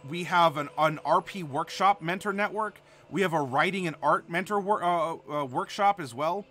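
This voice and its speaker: A man's voice: on the high side, moderate pace, bright, forceful tone, slight background noise. A man from Ohio hosting a live stream, chatting casually and answering chat with many fillers. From Ohio, USA. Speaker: streamer host.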